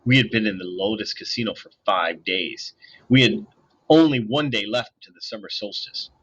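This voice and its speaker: A man reading a novel aloud in an expressive, storytelling manner. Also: lowish voice, normal speed, slightly rough, lo-fi sound. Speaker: audiobook reader.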